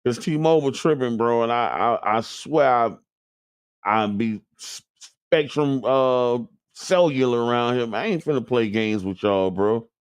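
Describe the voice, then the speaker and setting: A man's voice: mid-range voice, measured pace, clean tone, dry recording. A man from the Tampa Bay area, hosting a community radio show in loose, joking chat aimed straight at listeners. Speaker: radio host. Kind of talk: casual talk radio chat.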